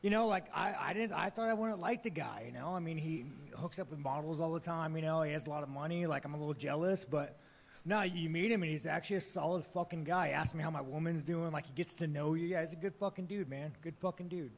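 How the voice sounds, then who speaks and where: A brash man with a gravelly, slightly raised voice fields questions at a press conference. He jokes and swears freely in a loose, cocky style. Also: a little high, fast, slight background noise. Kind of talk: profane casual press talk.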